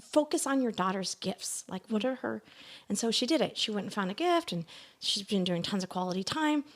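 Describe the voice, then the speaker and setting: A middle-aged woman, a podcast guest, telling personal stories in a casual, animated way, laughing often and dropping into soft asides. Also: mid-range voice, a little fast. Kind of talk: casual conversational storytelling.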